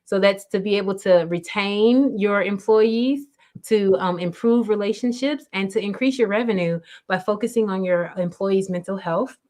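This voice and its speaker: A woman's voice: mid-range voice, a little mellow. A woman guest, a grief coach, talking in an interview over a video call, emphatic and instructive, often checking in with the listener. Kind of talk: conversational interview.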